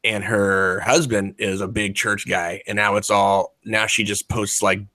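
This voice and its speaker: Chatty fortyish man, bright voice. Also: fairly low pitch, level tone, a little slow, no room sound. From United States. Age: 40s. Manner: rambling, profane, many fillers and restarts. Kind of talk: casual chat.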